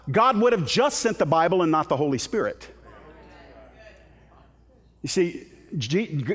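A man preaching a sermon as a guest preacher in a church sanctuary, impassioned and emphatic, often restarting his words. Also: fairly high pitch. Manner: impassioned, building to emphatic peaks, with repeated restarts. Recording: long hall reverb in a sanctuary.

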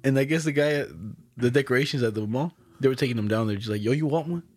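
Animated storytelling young man. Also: mid-range voice, quick pace, no echo. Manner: animated storyteller, acts out other people's lines, laughs often; casual slang-heavy talk. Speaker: podcast co-host telling a story. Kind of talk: casual chat.

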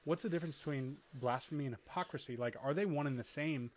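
A man's voice: a little high, fast talker. A man co-hosting a casual Bible discussion, asking questions and affirming.

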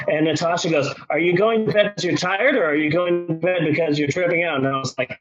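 A man in his forties telling a rambling story in casual chat, animated, jumping into high panicked outbursts. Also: fast, hardly any pauses, muffled recording. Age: 40s.

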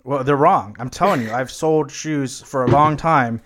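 A young American man co-hosts a podcast, chatting casually in a laid-back, swearing, slightly rambling way. He speaks at a moderate pace with a medium-pitched, fairly bright voice.

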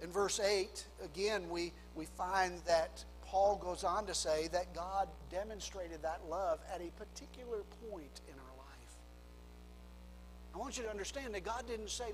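High-voiced male pastor preaching slowly. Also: in a large hall, faint music behind, rough recording. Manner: preaching with dramatic drops to a hush and rising emphasis. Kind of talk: sermon.

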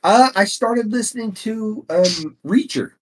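A man co-hosting a podcast, telling teasing stories in a relaxed, drawling way. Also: high voice, unhurried, a little hiss or hum. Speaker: podcast co-host. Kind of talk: casual chat.

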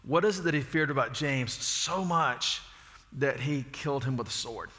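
A man's voice: mid-range voice, normal speed, sharp tone, in a large hall. A man preaching a sermon, telling folksy stories and asking rhetorical questions.

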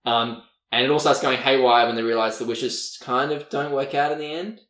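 A man's voice: medium pitch, moderate pace. A man co-hosting a podcast in casual chat, animatedly retelling a TV episode and laughing often. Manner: animated storyteller, laughing often, acts out characters' lines. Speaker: podcast co-host. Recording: roomy, distant mic.

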